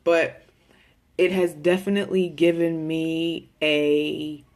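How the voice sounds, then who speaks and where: A woman's voice: low voice, fairly even intonation, slow, a little mellow. A mother of a special needs child talking candidly in a casual video diary. She is frank and chatty, repeats words as she talks, and uses folksy slang.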